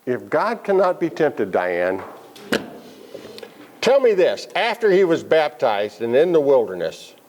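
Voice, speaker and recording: A man's voice: fairly high pitch, huge pitch swings, measured pace, darkish tone. A man leading a Bible study class, asking the group questions and making joking asides. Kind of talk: interactive Bible lesson.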